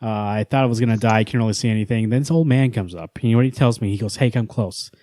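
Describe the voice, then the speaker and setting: A man's voice: on the low side, rapid-fire, warm tone, no echo. A man co-hosting a comics podcast in casual chat, playful and prone to rambling joke stories. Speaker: podcast co-host.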